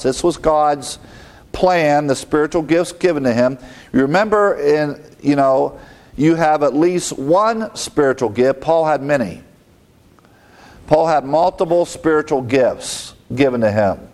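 A man's voice: a little high, lively intonation, unhurried, a little mellow. A man preaching an expository sermon with an earnest teaching tone, quoting scripture and asking rhetorical questions.

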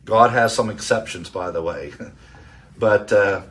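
A man preaching an expository sermon in a teacherly way, quoting scripture and pausing with frequent fillers. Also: fairly low pitch, fairly bright tone. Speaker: pastor.

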